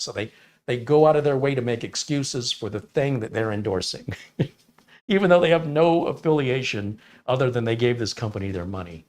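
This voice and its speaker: A man's voice: medium pitch, a little fast, a little mellow. A man in his fifties from Michigan, a computer technician chatting casually with viewers on a livestream in a wry, opinionated manner with sarcastic asides. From Michigan, USA. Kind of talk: casual chat answering viewers.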